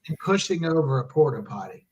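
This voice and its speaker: Male panelist, deadpan mock-analyst, heard from a distance. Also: fairly high pitch, a little fast, dull audio. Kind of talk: casual chat.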